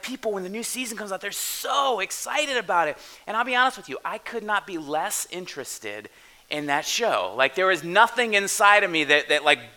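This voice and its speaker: A man in his thirties preaching a sermon in a casual, animated way, asking the listeners questions as he goes. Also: a little high, rough recording. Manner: conversational, animated, talks straight to the listeners with questions. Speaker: pastor.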